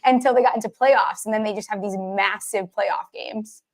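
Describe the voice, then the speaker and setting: A woman's voice: medium pitch, fairly even intonation, normal speed. Female co-host, casual sports chat, mid-range voice, loose and rambling. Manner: chatty, rambling, lots of fillers like "like". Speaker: sports betting podcast co-host.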